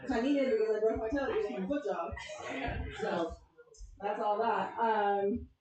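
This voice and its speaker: A woman performing a deadpan, self-deprecating stand-up set on a comedy club stage, asking the crowd questions between jokes. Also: medium pitch, measured pace, muffled recording, over music. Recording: echoey club room from far off, crowd laughter. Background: audience laughing.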